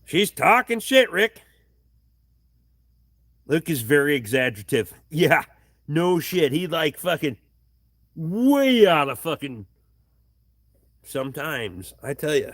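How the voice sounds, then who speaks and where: A man's voice: a little high, sing-song, slow, long pauses, a bit bright, no echo, studio quality. A man hosting a casual livestream, reading viewer comments aloud and swearing freely in a blunt, offhand way, recorded on a tripod camera in his home workshop. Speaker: livestream host reading chat. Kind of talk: casual profane livestream chat.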